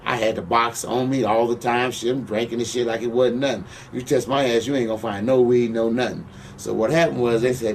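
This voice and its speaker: A man's voice: medium pitch, steady tone, brisk, few pauses. A former pro wrestler telling profane, boastful stories in an interview. He keeps asking "you know what I'm saying?". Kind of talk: profane shoot-interview storytelling. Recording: distant mic with faint background noise.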